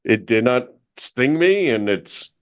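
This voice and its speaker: A man's voice: medium pitch, animated, slow pace, clear, resonant tone. A man co-hosting a podcast, telling a rambling, filler-heavy comic story in casual banter. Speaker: podcast co-host.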